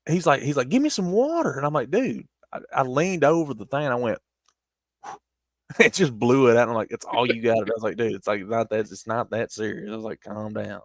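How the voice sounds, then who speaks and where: A man's voice: mid-range voice, fairly quick, no room sound. A man with a Southern US accent telling a long casual story on a stream, rambling with restarts.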